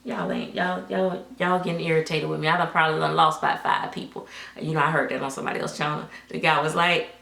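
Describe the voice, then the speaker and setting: A woman's voice: low voice, little pitch movement, fast, gravelly, sharp tone. A woman vlogger talking straight to her viewers from her doll nursery at home, frank and preachy in a casual, down-to-earth way. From Florida. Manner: frank, preachy, Southern Black vernacular. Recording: echoey room.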